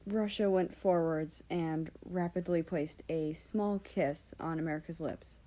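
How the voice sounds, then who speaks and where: A woman narrates a fan story in a leisurely, unhurried way. Her voice sits low and mellow, soft-edged rather than bright. She slips in casual asides and the occasional swear word. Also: steady tone. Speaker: fan fiction reader.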